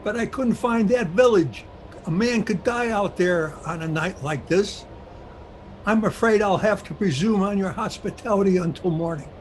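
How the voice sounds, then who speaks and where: A man playing a polite, skeptical gentleman traveler lost on the moors in an old-time radio drama. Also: sits high, moderate pace, a little hiss or hum, natural voice. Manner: polite, well-spoken. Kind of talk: 1930s-style radio drama acting.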